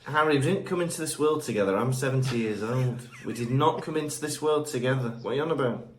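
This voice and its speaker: A man voicing an indignant seventy-year-old male dark wizard in a parody bit. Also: medium pitch, fast talker, echoey room, slight background noise, lightly acted. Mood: exasperated. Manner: indignant, bickering.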